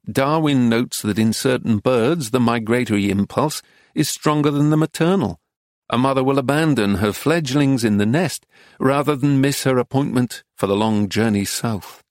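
Male English narrator, mid-pitched, measured literary read, dry booth sound. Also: dry recording. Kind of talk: audiobook reading of a travel memoir.

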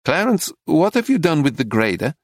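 A man doing a calm, practical settlement manager. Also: on the high side, normal speed, no echo, clean studio sound, pitched above the performer's own voice. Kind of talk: audiobook character voice.

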